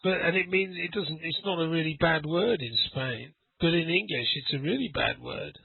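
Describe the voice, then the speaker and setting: A man teaching English in a relaxed conversation lesson, a chatty storyteller who laughs often. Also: fairly high pitch, moderate pace, creaky, slightly rough, no echo. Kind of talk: casual conversation lesson over a call. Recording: phone-like dry audio call.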